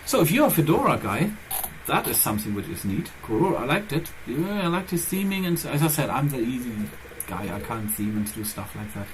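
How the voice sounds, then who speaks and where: A man's voice: mid-range voice, big pitch swings, fairly quick, background noise. A man hosting his own channel, chatting casually and rambling as he thinks aloud, with phrasing. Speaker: channel host. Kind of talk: casual chat.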